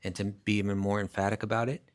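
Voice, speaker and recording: Male scripture teacher, lowish voice, emphatic and explanatory, plenty of restarts, recites Sanskrit verses mid-lecture. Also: little pitch movement, fast talker. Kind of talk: live scripture class lecture. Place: class at a rural retreat centre.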